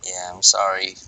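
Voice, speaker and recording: Slow laid-back podcast guy, gravelly low voice, kinda sorry-sounding. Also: bright, forceful tone, low-quality recording. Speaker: podcast co-host. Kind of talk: casual chat.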